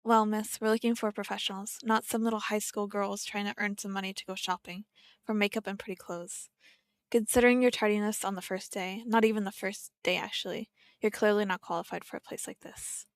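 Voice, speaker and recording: A woman's voice: medium pitch, fairly even intonation, a little fast, dry recording, clean studio sound, lightly acted. A woman voicing a haughty young female café worker who talks down to others, with faint guitar music behind. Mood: snooty. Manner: condescending, dismissive.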